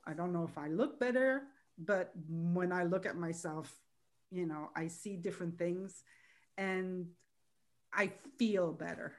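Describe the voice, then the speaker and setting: A woman, hosting a casual podcast, chatty and quick to laugh. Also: lowish voice. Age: 40s. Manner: chatty, laughs easily, trails off. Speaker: podcast host.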